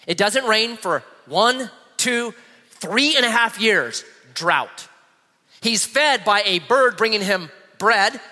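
A man in his thirties preaching a sermon, telling a Bible story in an animated way and acting out the quotes. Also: high-pitched. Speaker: pastor. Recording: long hall reverb.

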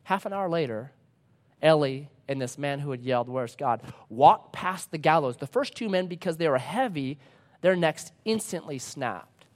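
A man, a pastor, preaching a sermon with dramatic storytelling that swings from loud to hushed, sometimes acting out playful voices. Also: fairly high pitch, animated, normal speed. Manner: acts out playful voices for talking objects.

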